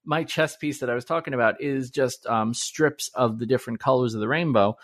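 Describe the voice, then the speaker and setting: A host in casual chat who laughs often and acts out quoted lines in the middle of stories. The voice sits mid-pitch and easygoing. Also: a little fast.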